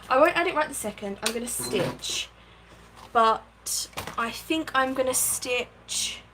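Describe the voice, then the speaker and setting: A woman's voice: high-pitched, lively intonation, slow, bright, forceful tone, slight background noise, low-quality recording. A woman hosting a casual craft livestream from her home craft room, chatting, thinking aloud and thanking viewers by name. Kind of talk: casual live-stream chat while crafting.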